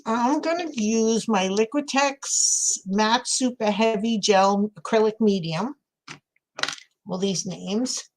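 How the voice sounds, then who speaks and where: A woman's voice: medium pitch, slow pace, a little hiss or hum. A woman with a New York accent, chatting casually with viewers while crafting, laughing often. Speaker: craft livestream host.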